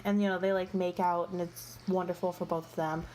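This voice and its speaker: Fairly quick and level, her fairly low, darkish voice comes with a slight hiss or hum. She's a book reviewer casually retelling a book series, rambling in exasperated gossip laced with "like" and "you know."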